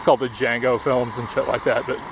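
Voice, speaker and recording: Recorded through a headphone cord mic with the highs cut off, a young man's mid-range voice runs a little fast in a level tone. He's vlogging by a busy road, breathless and rambling, swearing and using lots of fillers, with faint traffic and passing cars audible.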